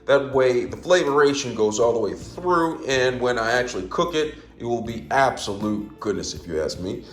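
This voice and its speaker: A man giving a casual cooking demonstration at home, folksy and full of repeated catchphrases, dropping his voice on little asides. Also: medium pitch. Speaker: home cook.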